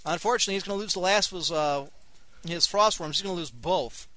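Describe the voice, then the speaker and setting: A man's voice: high-pitched, fast, pushed and bright, no room sound. A man hosting an online radio show, giving live commentary on a strategy game with wry, sarcastic asides. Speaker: host and game caster.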